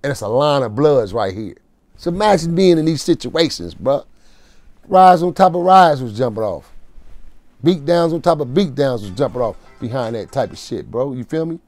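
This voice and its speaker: A man tells a raw story from his time in jail, speaking street slang with a dark, mellow tone. He sits close to a dry, deadened mic. His voice sinks low and quiet through the heavy moments. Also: animated, normal speed, no echo, faint music behind. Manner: street slang, emotional prison storytelling, drops to a low murmur. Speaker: interview guest. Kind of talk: storytelling in a casual interview.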